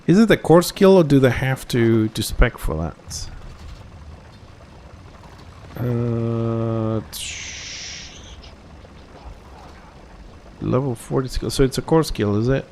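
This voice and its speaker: Excitable man streaming a game. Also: medium pitch, unhurried, a little hiss or hum. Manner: excitable, reacts loudly to the game, then mutters to himself. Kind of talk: live gameplay commentary.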